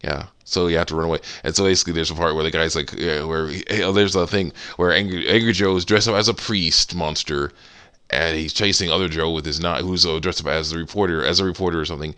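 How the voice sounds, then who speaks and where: A man's voice: low voice, fairly even intonation, fast, pushed and bright, smooth. A man rambling casually about a game he is modding, giggling and breaking off mid-thought. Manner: rambling, giggly, self-interrupting. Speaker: game modder. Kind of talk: casual commentary while editing a game.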